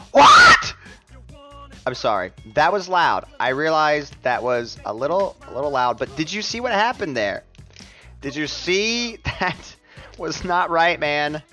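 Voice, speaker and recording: A young man streaming a speedrun, chatting to his viewers in an excitable, jokey and self-mocking way. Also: fairly high pitch, unhurried, soft background music. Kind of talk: live gameplay commentary to chat.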